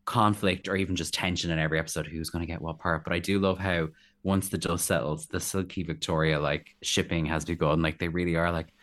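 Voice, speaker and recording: Low-voiced man in animated podcast chat. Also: brisk. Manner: animated, acts out quoted voices in high pitch. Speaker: podcast guest. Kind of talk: casual chat.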